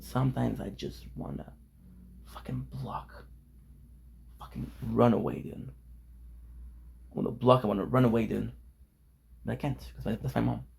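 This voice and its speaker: A man with a gravelly, low-fry voice vents casually to his camera. His talk is frustrated and full of swearing, and he circles back over the same words again and again. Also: mellow, a little hiss or hum, low-quality recording. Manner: frustrated, swearing, repeats himself. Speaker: vlogger. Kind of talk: casual venting vlog.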